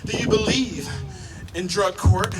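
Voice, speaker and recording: A man's voice: high voice, a little slow, very noisy. A man emceeing an outdoor protest rally, working the crowd with questions and introducing the next speaker. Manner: energetic, crowd-engaging, asks raise-your-fist questions. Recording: distant mic with loud crowd and music.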